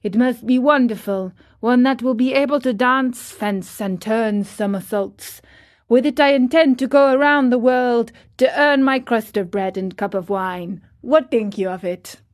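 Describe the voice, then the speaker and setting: A woman voicing a hot-tempered little old carpenter, quarrelsome and quick to take offence, in a storybook reading. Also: a little high, close to an everyday voice. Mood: eager. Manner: quarrelsome, indignant.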